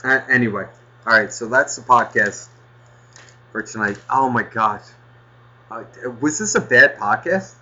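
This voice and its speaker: A man's voice: medium pitch, unhurried, long pauses, sharp tone, lo-fi sound. A man hosting a casual podcast, rambling and swearing, flaring into mock anger. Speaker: podcast host.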